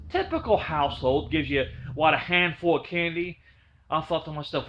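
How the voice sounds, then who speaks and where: A man's voice: fairly high pitch, moderate pace. A man in his fifties from Ohio telling a childhood story in a rambling, folksy way, with many restarts. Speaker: storyteller, channel host. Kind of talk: casual spoken storytelling. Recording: dull lo-fi recording.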